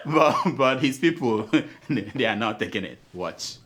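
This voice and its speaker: A man's voice: mid-range voice, animated, measured pace, fairly bright tone, slight background noise. A man with a Nigerian accent hosting a satirical news show, cracking jokes and laughing through his commentary.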